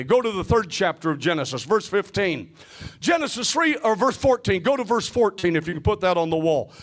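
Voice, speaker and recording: A man with a very high voice preaches a sermon. He calls out questions and waits for the congregation to answer. He often climbs into shouts and sing-song phrases. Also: very animated, brisk. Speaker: pastor.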